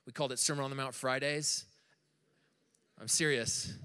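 An American man preaching a sermon to a live congregation, telling stories in an animated, joking way. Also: medium pitch, normal speed, clean tone, big-room sound. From United States. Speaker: pastor. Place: church room with audience.

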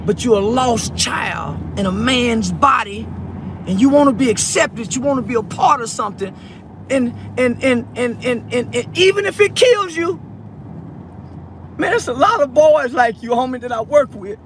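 A man's voice: extremely high pitch, expressive, moderate pace, a bit bright. A man in a car speaking through tears, repeating himself in a preachy, emotional plea to someone he saw in a video. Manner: tearful, repetitive, preachy. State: teary, choked up. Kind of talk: emotional address to a viral video subject. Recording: car and street noise behind. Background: traffic and outdoor ambience.

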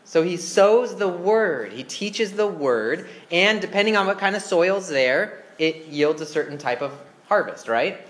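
A man's voice: high-pitched, animated, unhurried, hardly any pauses, a bit bright. Conversational male pastor preaching. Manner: asks the congregation questions, conversational. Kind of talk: interactive sermon. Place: church.

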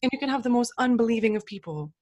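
A woman's voice: on the high side, animated, very fast, a little mellow. A woman hosting a podcast in casual chat, talking freely, laughing often and acting out little quoted lines. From England. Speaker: podcast host.

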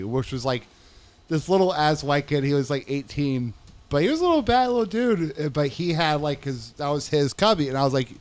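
A young man with a smooth, resonant voice that sits a little high, telling a long, rambling story in casual conversation. He swears freely and acts out the dialogue of the people in it. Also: animated, brisk, a little mellow. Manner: profane, rambling, re-enacts quoted dialogue.

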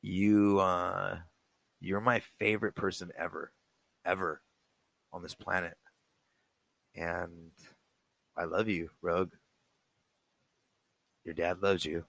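A young man hosting a podcast, talking casually and with feeling, swearing freely and pausing often. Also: low voice, level tone, vocal fry, a bit bright, no echo. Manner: casual, swearing, heartfelt, halting. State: choked up. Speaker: podcast host. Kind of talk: personal message monologue.

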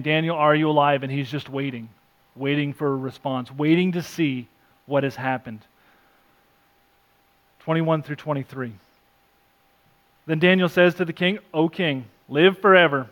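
A male pastor preaching an earnest sermon, reading scripture aloud, rising for emphasis and dropping soft. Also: a little high. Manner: self-deprecating asides.

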